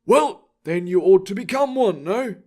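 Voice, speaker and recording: A man voicing an ancient, unflappable male librarian who talks calmly and with quiet amusement. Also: high voice, measured pace, voice pushed up, exaggerated voice. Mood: wry. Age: older. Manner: calm, amused and knowing.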